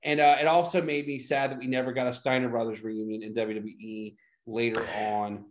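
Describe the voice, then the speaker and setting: A man's voice: mid-range voice, little pitch movement, fairly quick, slight background noise. A man co-hosting a podcast, recapping an old wrestling event in a casual, enthusiastic way. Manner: enthusiastic, laid-back recapping. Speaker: podcast co-host. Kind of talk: casual chat reviewing wrestling.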